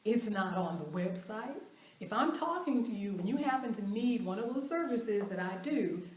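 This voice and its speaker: A woman giving a storytelling motivational talk at an event, animated, acting out the voices she quotes and laughing along. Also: mid-range voice, normal speed. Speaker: motivational speaker. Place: event hall. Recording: roomy hall, mic at a distance.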